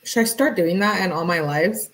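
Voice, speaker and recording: A woman's voice: lowish voice, normal speed, a little hiss or hum. A woman hosting a live stream, giving casual commentary in a sarcastic, mocking way and laughing often.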